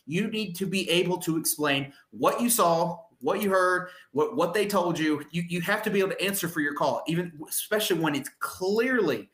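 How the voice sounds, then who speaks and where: A man's voice: high voice, fairly bright tone, echoey room. A man co-hosting a sports podcast in casual chat, ranting in an exasperated way and often restarting his sentences.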